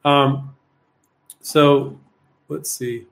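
A man's voice: medium pitch, little pitch movement, drawn-out words, vocal fry. A man hosting a live Q&A, answering viewers' questions in a blunt, rambling way with plenty of fillers and rhetorical questions. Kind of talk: casual live Q&A coaching.

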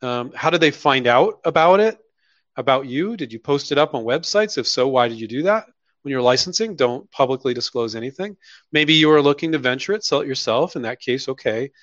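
A man's voice: medium pitch, expressive, a little fast, a bit bright, dry recording, dull audio. A man hosting a live question-and-answer session, talking bluntly and casually. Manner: blunt, mock-quoting others in put-on voices. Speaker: host answering viewer questions.

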